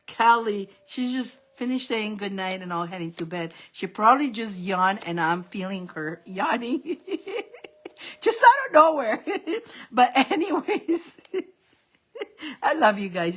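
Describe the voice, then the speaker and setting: A woman's voice: medium pitch, big pitch swings, a little slow. A middle-aged woman hosting a casual live stream of psychic readings, rambling and laughing often. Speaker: psychic reader and live host.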